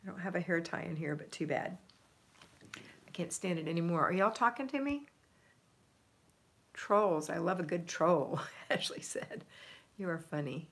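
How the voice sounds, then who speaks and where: A woman's voice: on the low side, steady tone, normal speed. A middle-aged woman chatting on a home livestream, reading viewer comments aloud in an upbeat way, laughing and trailing off with ums. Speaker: home organizing livestream host.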